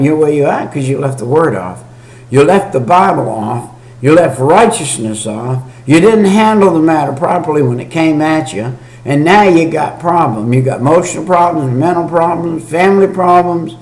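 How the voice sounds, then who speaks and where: A man preaches a homemade video sermon in a folksy, repetitive way. He reads scripture slowly and then explains it in plain talk. His voice sits a little high and bounces around a reverberant room. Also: expressive, darkish tone. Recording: echoey room.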